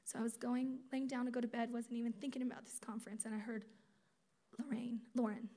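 A woman giving a sermon at a conference, conversational and animated, acting out quotes as she teaches. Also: fairly high pitch, fast. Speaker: speaker at a campus ministry conference.

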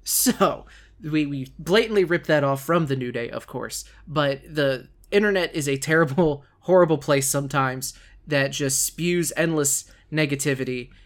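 Talking fast and full of enthusiasm, this wrestling podcast host has a fairly high pitch as he chats casually and trades jokes with his co-host.

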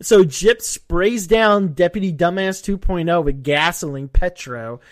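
Male co-host, high pitch, dry close mic, loose profane rambling banter. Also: dry recording. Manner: rambling, profane, quick to laugh. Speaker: podcast co-host. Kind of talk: casual recap chat.

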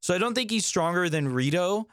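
A man's voice: sits high, animated, fairly quick, fairly bright tone, no echo, clean studio sound. A man co-hosting a podcast, giving blunt opinions and swearing freely in casual chat. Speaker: podcast co-host.

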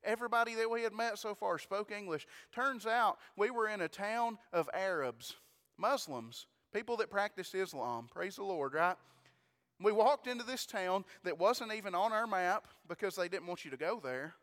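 Male preacher, sermon storytelling, high voice, smooth resonant tone, long church-hall reverb. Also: moderate pace. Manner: animated, repeats words, exclaims praise.

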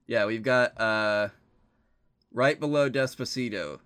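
A young man co-hosting a podcast, talking in a relaxed, dry way with many fillers. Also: mid-range voice, slow pace, clean tone. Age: young adult. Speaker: podcast co-host. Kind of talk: casual podcast banter.

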